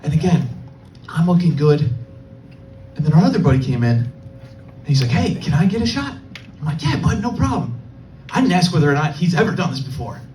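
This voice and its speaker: A young man performs stand-up on a club stage, his voice high for a man and swinging widely as he tells the story. He is picked up from a little way off the mic, with faint room ambience behind him. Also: animated, dark tone, far from the mic, a little hiss or hum, low-quality recording. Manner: storytelling with quick quoted voices. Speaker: stand-up comedian. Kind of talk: stand-up set.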